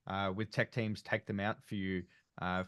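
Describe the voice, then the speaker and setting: An Australian man hosts a casual online panel, his voice sitting fairly low. He talks in a loose, rambling way full of fillers and restarts. The sound is dry and close, as on a video call. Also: flat delivery, moderate pace, a bit bright, smooth, dry recording. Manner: chatty, rambling with many fillers. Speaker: panel host.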